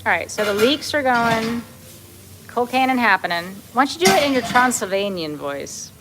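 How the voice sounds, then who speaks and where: A woman's voice: fairly high pitch, animated, normal speed, background noise. A woman co-hosting a casual cooking livestream from a home kitchen, playful and teasing. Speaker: co-host.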